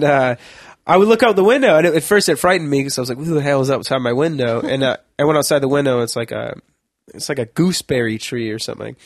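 A man's voice: on the high side, no room sound, clean studio sound. A young man chatting casually on a podcast, telling a long rambling story, laughing mid-sentence and swearing now and then.

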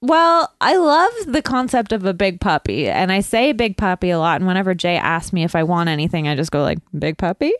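A woman host in loose comedic chat, playful and giggly as she tells stories. Her pitch bounces around a lot, and the sound is close and dry with no room around it. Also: animated, fairly quick, hardly any pauses, no room sound.

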